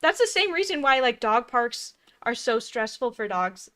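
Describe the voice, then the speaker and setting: A woman's voice: on the high side, very animated, normal speed, sharp tone. A woman co-hosting casual reaction commentary, blunt and exclamatory, swearing casually. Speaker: co-host.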